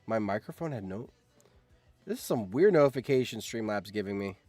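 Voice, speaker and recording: A man streaming live, reacting excitedly and yelling in surprise on a close mic. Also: fairly low pitch, fairly quick, no room sound, faint music behind. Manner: excitable, yells in surprise, laughs often.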